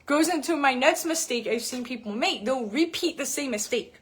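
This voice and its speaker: A woman's voice: sits high, animated, normal speed, slightly rough. A woman fitness coach in her thirties ranting bluntly to camera, swearing often and repeating words for emphasis. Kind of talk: blunt unscripted rant to camera.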